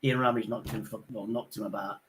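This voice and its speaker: A man hosting a casual chat, telling rough pub stories bluntly and acting out the voices of the people in them. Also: lowish voice, steady tone, fairly quick. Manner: blunt, sweary, acts out quoted voices.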